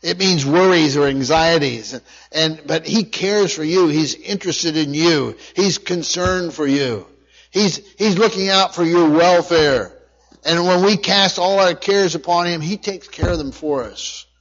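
A man's voice: on the high side, unhurried, a bit bright. A man preaching a sermon, reading scripture aloud and repeating key phrases earnestly. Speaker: pastor. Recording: dull lo-fi recording.

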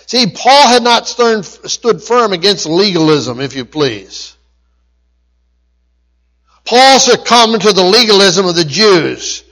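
A man with a notably high voice delivers a sermon. He stumbles and restarts, then hammers home phrases by repeating them again and again. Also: sing-song, slow, fairly bright tone, low-quality recording. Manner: emphatic repetition, frequent restarts and stumbles. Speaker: preacher.

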